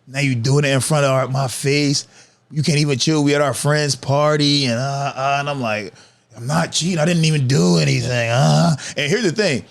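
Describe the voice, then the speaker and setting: A man's voice: on the high side, moderate pace, gravelly. A man in his thirties telling stories in a casual, profane podcast chat, laughing as he goes. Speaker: podcast guest, comedian.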